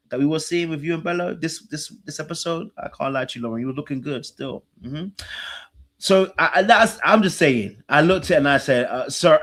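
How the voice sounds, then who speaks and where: Animated man hosting a reaction show. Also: a little high. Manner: animated, teasing, laughs, mimics people in a hushed voice. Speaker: podcast host reacting to a dating show. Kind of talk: casual reaction commentary.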